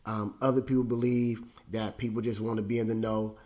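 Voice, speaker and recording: A man's voice: lowish voice, flat delivery, fairly quick, dark tone. Rambling, wry man hosting a chat. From United States. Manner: rambling, conversational, with many fillers and repetitions; wry, self-mocking humor. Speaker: host. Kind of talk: casual monologue.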